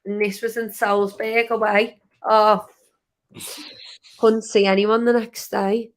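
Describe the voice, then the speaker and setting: A woman's voice: medium pitch, flat delivery, slow pace. A woman with a Scouse accent co-hosting a casual football live stream. She talks in a dry, teasing, down-to-earth way. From Liverpool, England. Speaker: co-host of a fan channel stream.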